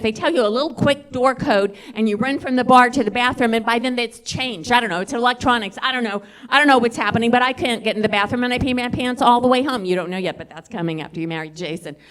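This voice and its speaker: A woman's voice: on the high side, fairly bright tone. A middle-aged woman works a comedy club stage. Her stand-up set rambles from story to story in a self-deprecating way. She keeps turning to chat with the crowd. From Southwest Louisiana.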